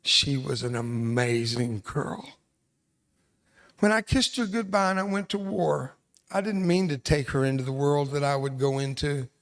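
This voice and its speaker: A man's voice: mid-range voice, unhurried. A man in his seventies, a veteran guest speaker telling stories to students in a school hall, full of self-deprecating jokes. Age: 70s. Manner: joking, self-deprecating storyteller. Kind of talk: storytelling speech to students.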